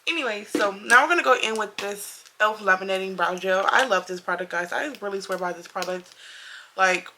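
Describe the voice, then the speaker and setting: A beauty vlogger talks straight to her viewers in a casual makeup review and storytime, chatty, emphatic, and repeating herself. Her medium-pitched voice is brisk, bright, and forceful, with a little hiss or hum in the background.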